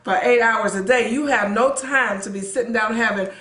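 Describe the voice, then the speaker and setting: A woman's voice: fairly high pitch, moderate pace, sharp tone. Earnest woman co-host in an echoey room. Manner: earnest, repeats words as she tells stories. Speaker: pastor's wife and co-host. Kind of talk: conversational storytelling.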